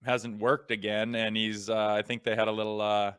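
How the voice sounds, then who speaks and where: A man co-hosting a hockey talk show, telling stories in a relaxed, chatty way. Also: on the low side, moderate pace, clean tone, no echo. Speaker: co-host, former player. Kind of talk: casual chat.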